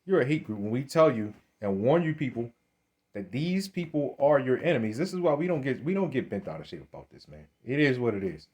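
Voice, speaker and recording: Very animated and fairly quick, this man's medium-pitched, darkish voice delivers blunt, confrontational commentary straight to camera. He is a religious commentator who keeps addressing his audience as "man," often repeating himself and starting sentences over.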